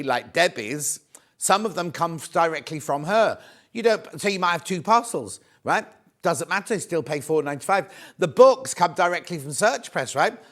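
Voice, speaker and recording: A British man presenting live on a shopping channel, chatting warmly to viewers and reading out their messages, with the odd cough. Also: high-pitched. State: coughing, mild throat trouble.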